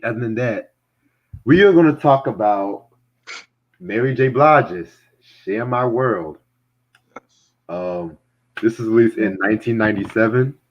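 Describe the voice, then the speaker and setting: Husky-voiced young man, casual profane podcast host. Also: on the low side, measured pace, pauses often. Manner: blunt, animated, laughs often, swears freely. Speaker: podcast host and music reviewer. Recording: dull lo-fi recording.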